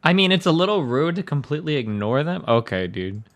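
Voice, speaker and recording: A young man with a high-ish, sing-song voice is streaming, ranting and arguing in a heated, casual way. His talk is profane, fast, and argumentative.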